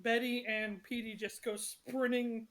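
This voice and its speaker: A woman's voice: fairly high pitch, little pitch movement, a little slow, fairly bright tone. A woman narrating a tabletop game session as game master, chatty and apologetic with many fillers.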